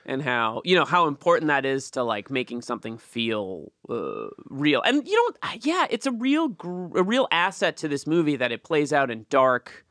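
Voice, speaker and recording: A man's voice: mid-range voice, big pitch swings, normal speed, few pauses, fairly bright tone, no echo, studio quality. A man from New England co-hosting a movie podcast, chatting casually with lots of "like" fillers. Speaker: podcast co-host. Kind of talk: casual film discussion.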